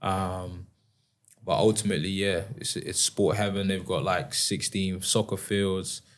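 Deep-voiced guy chatting loose in an interview, lots of um and like, easygoing. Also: unhurried. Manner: relaxed, rambling, many fillers, laughs often. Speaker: guest, professional athlete. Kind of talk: casual interview chat.

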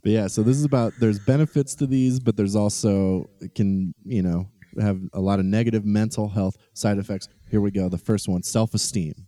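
Podcast dude, low mellow voice, laid back, laughs a lot, dry close mic. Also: male voice, normal speed, hardly any pauses, dry recording. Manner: relaxed, laughs easily, reads from an article. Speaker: podcast co-host. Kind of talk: casual chat.

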